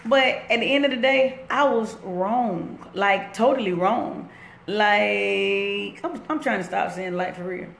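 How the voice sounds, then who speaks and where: A woman's voice: medium pitch, a little slow, creaky. A woman giving a casual motivational talk on a phone live stream from her workplace, rambling and conversational. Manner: rambling, loose and conversational, breaks off to greet viewers. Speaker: inspirational speaker on a live stream. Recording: echoey room with faint background noise.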